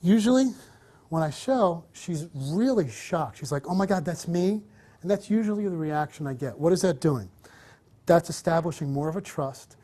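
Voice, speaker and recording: In a fairly high, warm voice, a man teaches wedding photography on location inside a hotel, moving around as he directs his subject and explains to viewers. He's encouraging and coaching, talking by turns to the camera and the subject.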